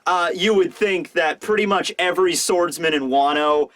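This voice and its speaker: A man reviews a manga chapter in loose, casual commentary. His voice sits high, and he gets excited and rambles with plenty of fillers. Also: normal speed.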